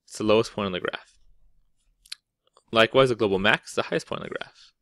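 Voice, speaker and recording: A man with a lowish, fairly bright voice teaches a math lesson at a brisk pace, explaining step by step casually and often asking "right?". The classroom lecture is recorded in studio quality with no echo.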